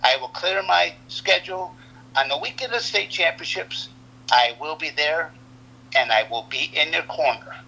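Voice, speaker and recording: A man's voice: a little high, moderate pace, gravelly, pushed and bright, lo-fi sound. A man in his sixties from the United States, a retired wrestler telling long rambling stories in a casual interview, often repeating words and restarting sentences. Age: 60s.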